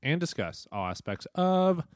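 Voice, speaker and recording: A man hosting a casual podcast, upbeat and quick to laugh. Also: on the high side, very animated, no room sound, studio quality. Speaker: podcast host.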